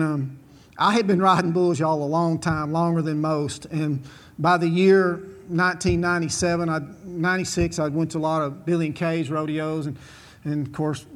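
Folksy man spinning a yarn. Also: a little high. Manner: drawling, chuckling, repetitive restarts. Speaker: former bull rider speaking to an audience. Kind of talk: folksy storytelling talk.

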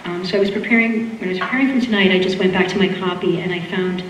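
A woman's voice: lowish voice, steady tone, fast talker. A woman with a Boston accent introducing lecture speakers at a school event, talking loosely with many fillers. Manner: warm rambling with fillers and laughs. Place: lecture hall. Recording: echoey hall, distant mic, faint room noise.

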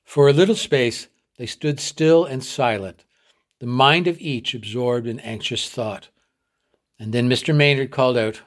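A man from a readers' theatre reading a short story aloud in a measured storytelling voice. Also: mid-range voice.

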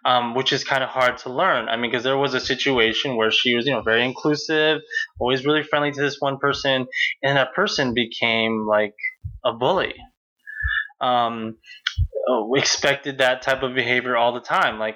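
A man's voice: medium pitch, fairly even intonation, normal speed, bright, forceful tone, muffled recording. A middle-aged man hosting a casual chat about parenting, rambling with many fillers and restarts. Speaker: podcast host.

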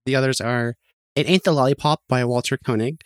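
Male podcast co-host, mid pitch, dry sarcastic asides, dead-dry close mic. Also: a little fast, dry recording. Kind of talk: casual chat.

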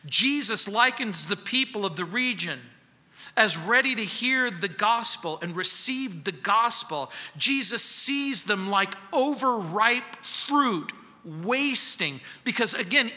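High, bright-voiced middle-aged man preaching. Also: expressive, slow, big-room sound. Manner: emphatic preaching, swings between loud and hushed. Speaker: pastor. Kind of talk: expository sermon. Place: church sanctuary.

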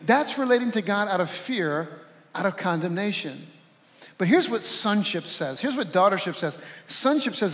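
A man's voice: sits high, animated, brisk, a bit bright. A man pastor preaching a sermon to his congregation, calling out to the crowd with a preacherly manner. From Louisiana. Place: church sanctuary. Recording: reverberant church hall.

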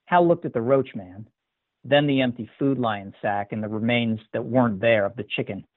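A man narrating a scripted story in a measured, even manner. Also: mid-range voice, no room sound. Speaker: story reader. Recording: tinny dry phone-like sound.

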